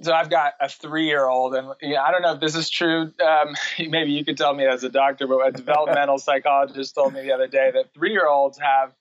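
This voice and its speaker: A reflective man in his thirties talks through his thoughts as an interview guest, pausing on fillers and laughing lightly. His voice sits at an ordinary pitch. The recording is muffled and very dry, with no room sound. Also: flat delivery, no room sound. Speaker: guest, writer and parent. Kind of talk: casual interview conversation.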